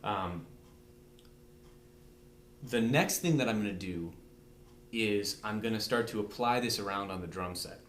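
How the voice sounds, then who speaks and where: With long pauses and a measured pace, a man whose fairly low voice is a bit bright teaches drums patiently and conversationally, stopping often to ask "okay?". The step-by-step lesson happens in an echoey room with a drum set, with a little hiss or hum on the recording.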